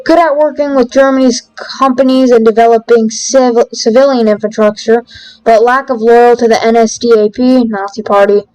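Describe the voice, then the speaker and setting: A woman's voice: on the high side, a little mellow, clear, resonant tone, dry recording, poor audio. A woman hosting a let's play video, reading game text aloud and breaking off for jokey asides. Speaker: gaming video host.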